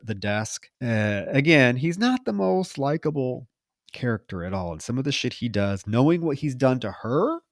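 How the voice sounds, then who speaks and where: A man's voice: mid-range voice, dry recording, studio quality. A man co-hosting a podcast, casually retelling a movie scene by scene and acting out the characters' lines as he goes. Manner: animated retelling, quoting characters. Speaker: podcast co-host. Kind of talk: casual film recap chat.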